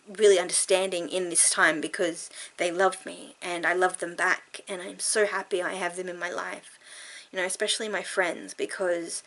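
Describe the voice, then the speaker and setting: A tearful woman talking frankly and earnestly to camera in a personal vlog, halting and sighing. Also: on the low side, bright, forceful tone. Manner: earnest and heartfelt, halting with sighs. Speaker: vlogger.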